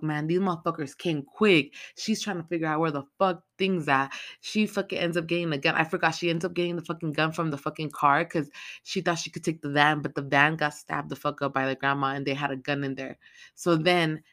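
A podcast host rattles through a movie plot in a loose, casual recap. The talk is packed with profanity and runs on in long, excitable stretches. The pitch sits in an ordinary middle range. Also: a little fast. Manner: heavy swearing, rambling and excitable.

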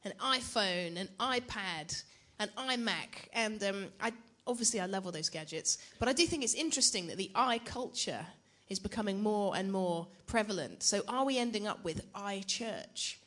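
A woman's voice: medium pitch, expressive, normal speed, hardly any pauses, fairly bright tone. Chatty young woman preacher. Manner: chatty, self-deprecating, asks the audience questions. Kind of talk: conference teaching talk.

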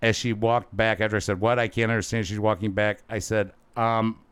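A man's voice: on the low side, flat delivery, a little fast, clear, resonant tone, no echo. A man, co-hosting a podcast and joking around as he tells stories. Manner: jokey storyteller, acts out quotes loudly. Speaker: podcast co-host. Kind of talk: casual banter.

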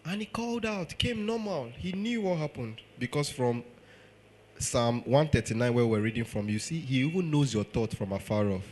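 A Nigerian preacher with a mid-range voice delivers an animated sermon. He keeps firing rhetorical questions and slips into acted-out quotes. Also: medium pitch, moderate pace, a little hiss or hum.

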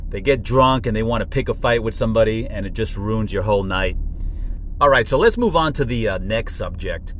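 A man hosting a casual podcast chat, blunt and quick to swear. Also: lowish voice, fairly bright tone, a little hiss or hum. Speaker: podcast host.

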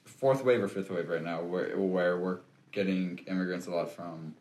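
A man's voice: sits low, normal speed, darkish tone. A young man as a podcast guest, talking in a thoughtful, hedging way with jokey asides. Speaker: interview guest. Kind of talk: casual podcast interview. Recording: echoey room.

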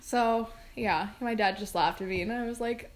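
A woman's voice: on the high side, moderate pace. Young woman telling stories with fillers. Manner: rambling, laughing, many fillers. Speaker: podcast co-host. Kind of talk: casual storytelling.

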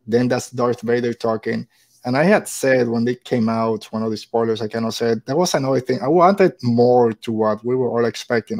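A man's voice: medium pitch, steady tone, normal speed, a little mellow. Rambling man in a casual chat. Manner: rambling, full of hedges.

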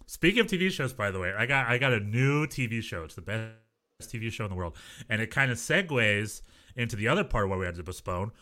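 A man on a casual podcast chat, his voice bright and forward, swinging widely up and down as he tells a story. He laughs often and slips into quick impressions of other people. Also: on the low side, sing-song. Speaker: podcast co-host.

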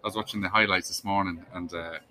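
Deep-voiced man rambling about football. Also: fairly even intonation, fast, bright, forceful tone. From Ireland. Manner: rambling, lots of restarts and asides. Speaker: podcast guest. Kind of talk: casual chat.

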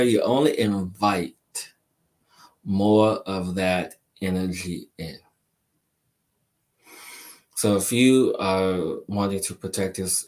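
Slow, very low-voiced spiritual host. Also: male voice, darkish tone. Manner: slow, deliberate, repeats phrases for emphasis; affectionate, addresses listeners as my dear and my friend. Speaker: spiritual show host answering viewers. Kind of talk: live-stream chat reading viewer questions.

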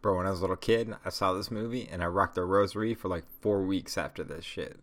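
Low-voiced, laid-back, profane podcast host. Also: male voice, fast talker, fairly bright tone. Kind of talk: casual movie watch-along commentary.

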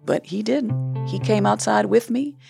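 A woman's voice: medium pitch, expressive, unhurried, gravelly, music in the background. A woman recounting a personal story in a blunt, matter-of-fact way.

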